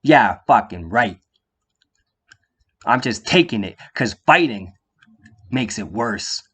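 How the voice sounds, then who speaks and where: A man in a heated monologue to the viewer, confrontational, firing rhetorical questions and swearing, sometimes going quiet and calm. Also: fairly low pitch, slow pace, breathy edge. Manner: drops into a quiet calm voice at times. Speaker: vlogger.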